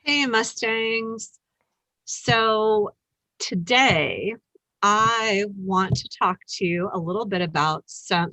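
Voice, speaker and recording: Slow-speaking woman librarian. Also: medium pitch, a bit bright, no echo, poor audio. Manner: unhurried, explanatory. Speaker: school librarian. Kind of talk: book talk on a podcast.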